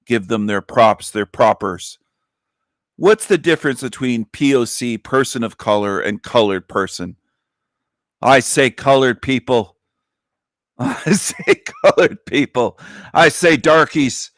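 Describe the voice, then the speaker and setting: A man hosting a livestream show, speaking at a middle pitch. His delivery is repetitive, taunting and sing-song. The sound is dry and close to the mic, with no room echo. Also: expressive, measured pace, a bit bright. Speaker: online show host. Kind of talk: mocking livestream monologue.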